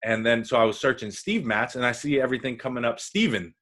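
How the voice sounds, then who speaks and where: Host voice: man, mid pitch, friendly ribbing, loose conversational chat. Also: fast talker, fairly bright tone. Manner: friendly, joking with the guest. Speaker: podcast host. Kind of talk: casual interview chat.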